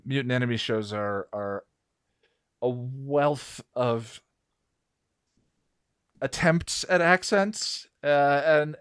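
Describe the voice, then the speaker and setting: Animated man hosting a panel chat. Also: mid-range voice, smooth, dry recording, studio quality. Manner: animated, halting with restarts. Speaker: podcast host. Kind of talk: casual panel discussion.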